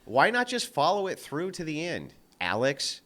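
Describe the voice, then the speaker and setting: A man's voice: a little high, moderate pace. A man, a podcast guest, ranting in heated, profane conversation. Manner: profane, combative, animated ranting.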